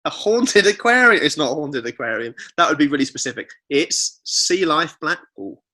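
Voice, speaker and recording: Bright-voiced man, jokey podcast host. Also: a little high, big pitch swings, moderate pace. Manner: jokey, reads reviews aloud with asides. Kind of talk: casual comedic chat.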